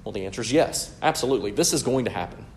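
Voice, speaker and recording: A man's voice: medium pitch, expressive, very fast, vocal fry, a little mellow, slight background noise. A man preaching an expository sermon in an emphatic, explanatory way, often checking in with "right?".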